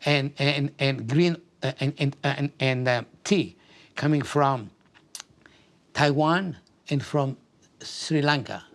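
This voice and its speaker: An older man from Afghanistan, telling his life story in an oral history interview, halting and often repeating words. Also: mid-range voice, fairly bright tone.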